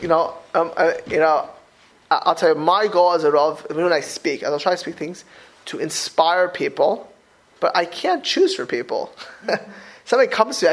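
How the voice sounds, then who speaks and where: A middle-aged man teaches as a rabbi, his voice high and very lively. He restarts words often and throws out exclamatory rhetorical questions to the room. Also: vocal fry. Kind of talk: Torah class.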